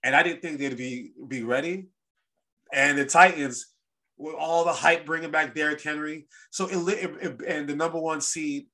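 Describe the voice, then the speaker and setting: A man hosting a casual sports podcast, telling stories in an animated, rambling way with lots of restarts. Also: on the high side, normal speed. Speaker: podcast host.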